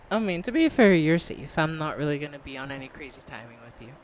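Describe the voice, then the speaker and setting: A woman's voice: deep voice, slight background noise. A woman streaming a game, chatting casually with her audience, teasing and laughing often and swearing freely.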